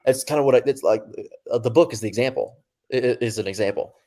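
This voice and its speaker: A man's voice: mid-range voice, fast. Young man telling his story, casual. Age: 20s. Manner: animated, acts out quoted dialogue; casual, many fillers and restarts. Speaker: podcast guest. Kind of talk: storytelling in an interview.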